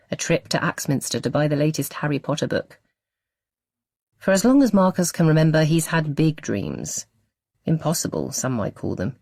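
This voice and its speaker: A woman narrating a mystery thriller audiobook with expressive storytelling. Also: very deep voice, no echo, clean studio sound. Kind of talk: scripted narration.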